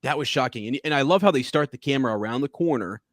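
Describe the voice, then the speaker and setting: A man's voice: mid-range voice, animated, quick pace, no room sound, studio quality. A man co-hosting a podcast, chatting casually about a TV episode, rambling with many restarts. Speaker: podcast co-host. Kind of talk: casual TV review chat.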